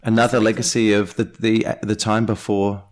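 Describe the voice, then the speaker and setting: A man's voice: on the low side, little pitch movement, moderate pace. An Australian man, a winemaker guest, talking casually with many ums and restarts. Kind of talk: casual interview.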